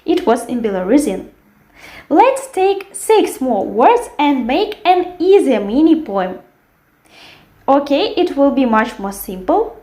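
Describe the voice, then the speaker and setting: A woman teaching a language lesson, carefully repeating words slowly for learners. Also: high-pitched, darkish tone. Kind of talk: language lesson with word drills. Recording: echoey room.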